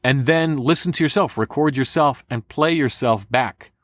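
A man, a voice actor, giving animated, repetitive advice in a casual interview. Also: mid-range voice, normal speed, dry recording. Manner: animated, demonstrative, repeats for emphasis. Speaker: voice actor guest.

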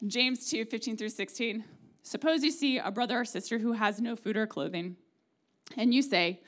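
A woman pastor in her forties with a Midwestern American accent preaches in a church. Her voice sits fairly high. She talks in a chatty, joking way and acts out quoted prayers. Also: normal speed. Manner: conversational and humorous, acting out quoted prayers. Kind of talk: sermon. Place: church sanctuary.

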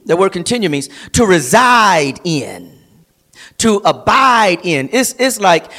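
Emphatic preacher, high lively voice. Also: male voice, takes it slowly. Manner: emphatic preaching, rising to near-singing on key phrases; repeats and builds phrases for emphasis. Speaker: pastor. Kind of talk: sermon. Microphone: streamed service.

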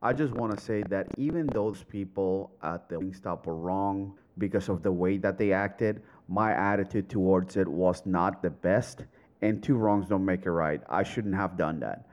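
A man's voice: sits low, moderate pace, a little mellow, a little hiss or hum, voice pushed down, natural voice, poor audio. A man putting on a stiff, formal voice for a mock public apology. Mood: mock solemn.

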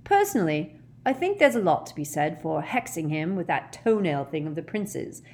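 A cheeky teenage boy teases and chats in an offhand, grinning way, as a woman reading the story puts him on. The voice bounces around with a lively lilt. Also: lowish voice, moderate pace. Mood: casual.

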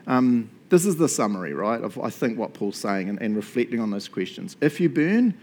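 A middle-aged man with a New Zealand accent, preaching a sermon in a chatty, animated way and laughing often between points. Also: medium pitch, moderate pace. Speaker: pastor.

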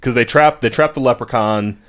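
A man's voice: medium pitch, fairly quick. Rambling male podcast co-host. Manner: rambling, searches for words with restarts and "you know". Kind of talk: casual chat.

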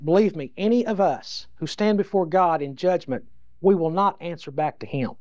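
A man's voice: fairly high pitch, moderate pace, darkish tone, dry recording. A man preaching a sermon, telling an emphatic, folksy story and often restarting his sentences. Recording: dull lo-fi dry recording.

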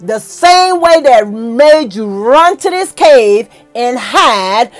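Her sermon is fervent and emotional, full of folksy church language and rising to excited peaks. The preacher is a woman whose voice sits a little high.

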